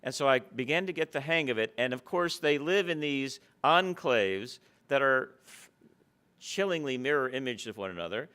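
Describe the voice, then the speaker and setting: A man's voice: mid-range voice, lively intonation, moderate pace, bright, forceful tone, smooth. A man giving a public lecture, mixing stories into his talk. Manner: anecdotal, storytelling.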